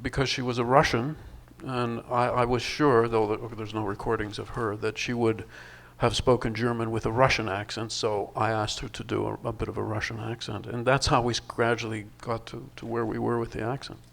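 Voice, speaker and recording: A man's voice: medium pitch, flat delivery, fairly quick, vocal fry. An older male film director at a festival panel, answering in a thoughtful, wry way with many restarts.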